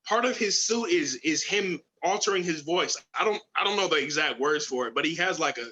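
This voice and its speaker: A man co-hosting a podcast, talking in an animated, opinionated way and stumbling over his words as he argues. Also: on the high side, a little fast, rough recording. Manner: animated, opinionated, mocks voices with gravelly whispers. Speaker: podcast co-host. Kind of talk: casual chat.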